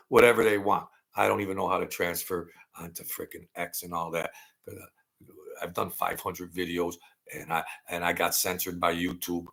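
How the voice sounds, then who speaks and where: A middle-aged man with a gravelly voice, ranting angrily and profanely in a rambling political monologue. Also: low-pitched. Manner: angry, profane, rambling rant with sudden loud outbursts. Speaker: political commentary vlogger.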